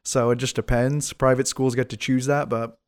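A man's voice: medium pitch, flat delivery, normal speed, smooth. A man co-hosting a podcast, chatting in a laid-back, jokey way. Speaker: podcast co-host. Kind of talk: casual chat.

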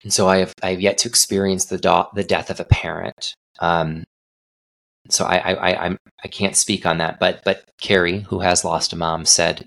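Low gravelly man, earnest podcast host. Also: little pitch movement, moderate pace, a bit bright, no room sound. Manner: earnest, reflective, many restarts. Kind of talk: solo podcast talk.

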